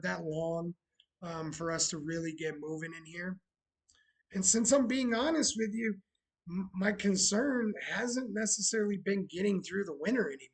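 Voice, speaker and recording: A man's voice: high-pitched, poor audio. A man chatting casually on a live stream, sarcastic and talkative, greeting viewers as he goes. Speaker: streamer running a bar roleplay channel.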